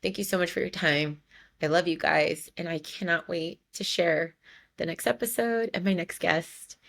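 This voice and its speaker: A woman's voice: lowish voice, normal speed, creaky, fairly bright tone. A young adult woman hosting her own podcast, talking in a heartfelt, tearful way, repeating and restarting her words. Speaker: podcast host. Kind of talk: heartfelt solo podcast monologue.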